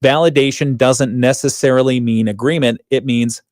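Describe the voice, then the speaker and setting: A man's voice: medium pitch, steady tone, normal speed, darkish tone, dry recording. A man hosting a radio morning show, chatting and laughing often as he reads out headlines in a studio. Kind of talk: casual radio banter. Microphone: studio microphone.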